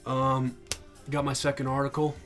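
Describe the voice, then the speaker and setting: A man's voice: mid-range voice, monotone, normal speed, a bit bright, faint music behind. A young man, an army veteran, angrily telling a profane story in a casual vlog. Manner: angry, profane, acts out quoted dialogue.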